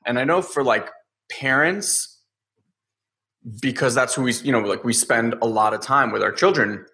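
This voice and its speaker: A man's voice: mid-range voice, moderate pace, sharp tone. A man hosting an interview, talking casually with frequent filler words. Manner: chatty, many "like" fillers. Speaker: podcast host.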